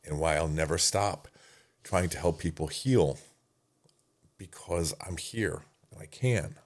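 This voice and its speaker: A middle-aged man with a notably deep, low voice shares a personal story as a podcast guest. He speaks earnestly and emotionally, now and then swearing. In the heaviest moments his voice sinks almost to a whisper. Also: unhurried.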